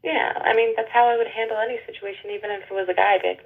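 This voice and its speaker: A young woman chats casually on a podcast over a muffled, lo-fi line. Her voice is husky with a gravelly edge, and she speaks in a relaxed way, laughing easily and letting phrases drop off quietly. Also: medium pitch, rapid-fire. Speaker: podcast co-host.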